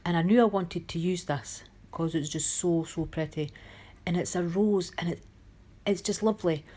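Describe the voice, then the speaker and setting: A woman's voice: fairly low pitch, normal speed, warm tone, husky. A woman narrating a nail art tutorial in a chatty, homely way, often critical of her own work. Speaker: nail art channel host.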